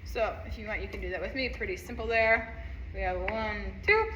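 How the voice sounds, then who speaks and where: In an echoey room with faint ambience, a woman gives an instrument lesson walkthrough, counting rhythms aloud and singing passages. Her medium-pitched voice is brisk, upbeat, and encouraging.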